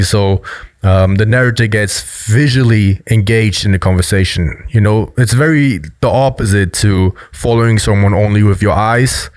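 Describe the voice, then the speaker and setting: A man's voice: on the low side, dry recording. A man giving a loose, explanatory commentary on body language, full of fillers. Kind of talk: casual video commentary.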